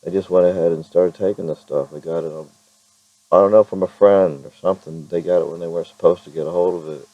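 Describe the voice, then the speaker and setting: Deep-voiced man, rambling casual vlog. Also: steady tone, fast talker, dry recording, muffled recording. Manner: rambling, self-interrupting, chuckles often. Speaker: vlogger. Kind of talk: casual vlog talk to camera.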